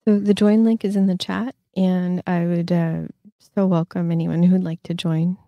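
A woman in her fifties hosts a casual live chat, telling rambling stories frankly, swearing, and laughing at herself. Her fairly low voice is level in tone at a moderate pace, and the recording is dry and dull.

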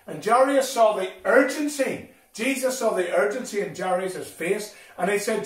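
A man telling a Bible story to children at a school assembly, animated and expressive as he talks to them directly. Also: sits high, normal speed, few pauses. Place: school hall. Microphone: distant from the recording mic. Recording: echoey hall from far off.

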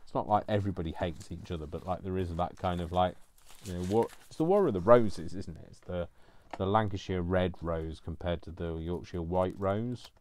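A man's voice: low-pitched, normal speed, hardly any pauses, a little mellow. A man talking casually while he crafts, rambling and teasing himself along the way. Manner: rambling, self-mocking asides. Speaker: craft vlogger.

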